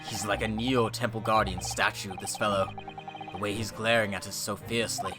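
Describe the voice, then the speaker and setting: A man's voice: lowish voice, fairly even intonation, normal speed, music in the background. A man casually commentating a game as host, amused and chatty. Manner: amused, chatty, laughs often. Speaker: let's play host.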